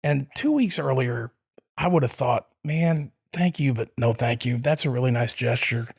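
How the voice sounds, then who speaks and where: His mid-range voice is creaky and breathy with a darkish tone, lively intonation, and moderate pace. A middle-aged man on a podcast, he rambles through a long personal story, often restarting and using fillers.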